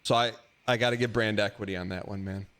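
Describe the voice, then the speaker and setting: A man in his thirties hosting a livestream, talking in a rambling, animated, mock-defensive way. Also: fairly low pitch, fast. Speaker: livestream host. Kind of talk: casual chat.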